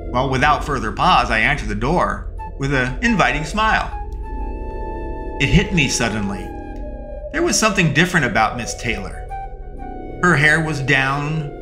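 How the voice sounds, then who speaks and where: A man narrating a first-person fiction story slowly and deliberately, with long pauses. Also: mid-range voice. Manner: slow, measured, with long pauses. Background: faint music.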